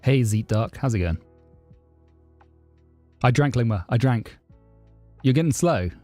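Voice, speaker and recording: A livestreaming programmer from southeast London chats casually with viewers, answering questions from the chat and warmly thanking subscribers. His southern English accent is close to received pronunciation but less posh, and his medium-pitched voice is animated and a little slow. There's no room sound, just soft background music.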